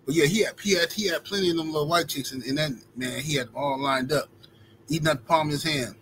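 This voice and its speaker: A man's voice: on the high side, fast talker, a bit bright, slight background noise, poor audio. A man hosting a livestream who tells rambling, slangy stories and reads out viewer super chats. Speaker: livestream host. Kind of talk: casual storytelling and reading super chats.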